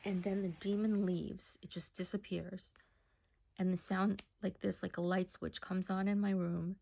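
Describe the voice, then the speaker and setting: A woman telling a personal testimony in a casual, hushed storytelling voice that often drops to a near whisper. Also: mid-range voice, level tone, unhurried, vocal fry, a little hiss or hum.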